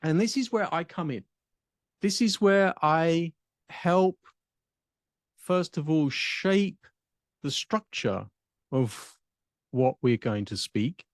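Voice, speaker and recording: English-accented male coach, unhurried reflective teaching tone with long pauses, dry intimate recording. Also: a little high, expressive, dry recording. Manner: measured, deliberate, with long pauses. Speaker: speech and public speaking coach.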